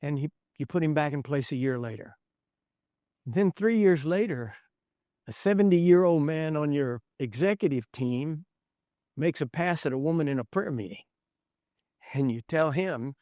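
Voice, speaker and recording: A man preaching a leadership sermon as an animated storyteller, acting out the voices of the people in his stories. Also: fairly high pitch, moderate pace, pauses often, no echo, clean studio sound. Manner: animated storyteller, acts out quoted voices, chuckles. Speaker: pastor speaking on leadership. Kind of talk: conference sermon.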